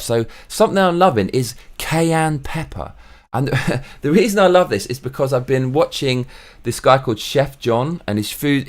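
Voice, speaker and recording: A man hosting his own vlog, talking in a rambling, excitable way, jumping between thoughts and swearing casually. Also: mid-range voice. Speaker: vlog host. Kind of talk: casual monologue. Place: home recording in Tokyo.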